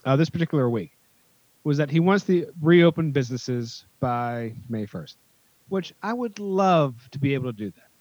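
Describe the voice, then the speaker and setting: A man's voice: mid-range voice, expressive, darkish tone, dry recording, lo-fi sound. A man co-hosting a podcast, joking and sardonic in casual banter. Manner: joking, sardonic, quick to laugh. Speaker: podcast co-host.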